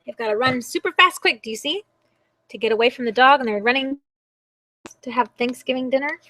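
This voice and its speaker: A woman as a children's librarian, reading picture books aloud at a library storytime in an animated sing-song way and asking the children questions. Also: high-pitched, a little fast, long pauses, no echo.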